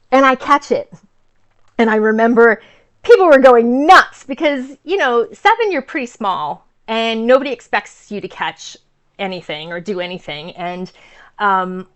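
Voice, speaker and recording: A woman's voice: on the high side, fairly bright tone. A woman in her forties telling a heartfelt personal story in a casual vlog, earnest and emotional, with frequent fillers and restarts. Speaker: vlogger sharing personal stories.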